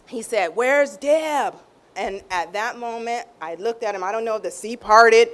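A woman telling an emotional personal faith testimony. She acts out quotes in a raised voice and drops to a hush at tender moments. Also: fairly high pitch, moderate pace. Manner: animated storytelling, acts out quotes in raised tones. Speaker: guest sharing a testimony.

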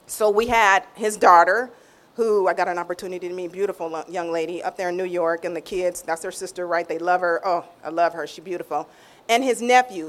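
A middle-aged woman sharing an emotional faith testimony in a casual, expressive way, often restarting phrases and acting out what others said. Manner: expressive, acts out quoted voices with big pitch swings; informal, repeats and restarts phrases. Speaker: guest sharing a personal testimony.

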